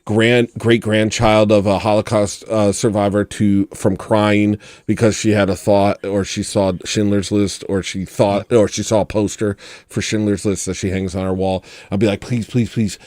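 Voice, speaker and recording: A man hosting a livestream, chatting casually in a rambling, sarcastic, deadpan way. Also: lowish voice, dry recording, clean studio sound. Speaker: livestream host and musician.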